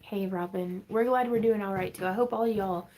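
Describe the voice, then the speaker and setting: A woman's voice: mid-range voice, fairly even intonation, mellow, slight background noise. Chatty woman hosting a craft livestream. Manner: chatty, rambling, quick to laugh; reads viewer comments aloud and answers them. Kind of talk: casual livestream chat. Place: at home.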